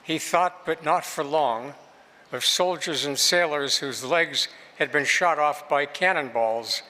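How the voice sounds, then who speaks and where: Slow, bright-voiced man reading aloud. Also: on the high side. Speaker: reader at a public literary reading. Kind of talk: unhurried dramatic reading of literary prose. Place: museum reading space with long reverb. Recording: long hall reverb.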